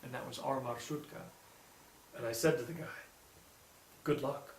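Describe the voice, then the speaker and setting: A man telling a personal anecdote in a casual, animated way, quoting others in lively bursts. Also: mid-range voice, moderate pace. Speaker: storyteller. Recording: roomy echo, distant mic, faint background hum.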